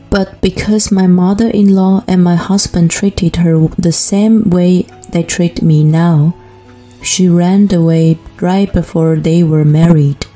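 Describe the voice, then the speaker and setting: A woman narrates a first-person story in a flat, even reading voice. Her tone is mellow and slightly low, and her pace is very slow. Soft music plays faintly underneath.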